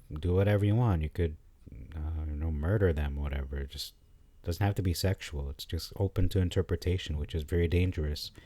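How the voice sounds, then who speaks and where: A man giving casual commentary on scripture, thinking aloud with frequent pauses, fillers and restarts. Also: a bass voice, mellow, no echo.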